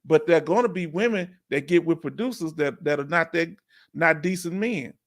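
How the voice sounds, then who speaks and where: A man hosting a live stream, chatting casually and asking viewers questions with drawn-out emphasis. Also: fairly high pitch.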